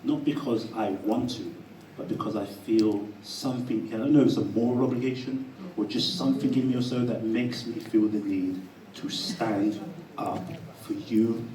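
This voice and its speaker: A man telling a personal story to a live audience in a chatty, animated way, often laughing. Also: lowish voice, moderate pace, reverberant, recorded from a distance, slight background noise, low-quality recording. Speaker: speaker at a live talk. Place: event room with an audience.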